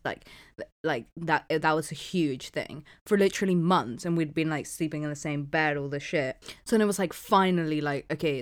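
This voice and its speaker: A young woman with a notably low voice for a woman talks through a podcast chat. She is candid and chatty, leaning on filler words as she goes. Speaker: podcast co-host. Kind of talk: casual chat.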